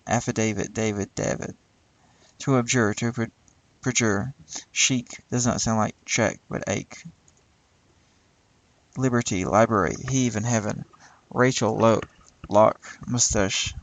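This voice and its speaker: A man reading a poem aloud slowly and deliberately, now and then stumbling and laughing at tricky words. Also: on the low side, vocal fry, no room sound, low-quality recording. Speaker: reader.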